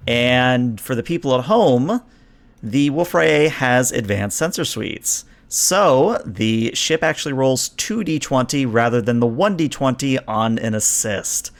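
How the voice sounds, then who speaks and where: A man running a science fiction tabletop game as game master, with a mid-range voice. He narrates scenes and explains the rules in a relaxed, explanatory way, slowing down to stress key moments. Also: mid-range voice.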